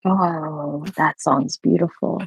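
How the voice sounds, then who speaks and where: A woman's voice: deep voice, fairly even intonation, slow pace, gravelly, breathy edge, no echo. A woman co-hosting a podcast in casual chat, gushing and rambling with many fillers. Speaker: podcast co-host.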